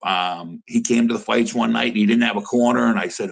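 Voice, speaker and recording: Low husky-voiced man telling fight stories. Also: fairly quick, hardly any pauses. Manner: rambling with frequent restarts. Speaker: fight manager and cornerman. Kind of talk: casual interview storytelling.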